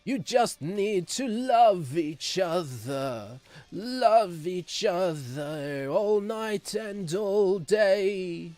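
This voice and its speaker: A man's voice: sits high, lively intonation, a little mellow, no echo, faint music behind, pitched above the performer's own voice, exaggerated voice. A man doing a dreamy crooning rock star. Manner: drawn-out, sing-song delivery.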